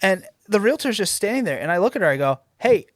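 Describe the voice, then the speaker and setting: Animated man telling a story. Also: sits high, quick pace, no echo, studio quality. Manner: animated, swears, acts out quotes. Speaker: podcast co-host. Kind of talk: casual storytelling chat.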